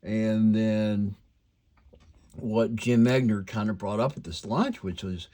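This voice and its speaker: A man's voice: on the low side, slow, warm tone. An older man with a slight twang, rambling casually at home about his hobbies, full of fillers and restarts. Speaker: toy collector vlogger.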